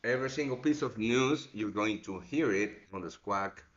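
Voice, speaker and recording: A man with a low-set but bright, forceful voice talks through live market commentary as a show host, casual and meandering, with the odd curse and a friendly "mate" tossed in. The sound is dull and lo-fi, like stream audio. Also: normal speed. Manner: casual and rambling, swears, calls viewers mate. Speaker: forex trading show host.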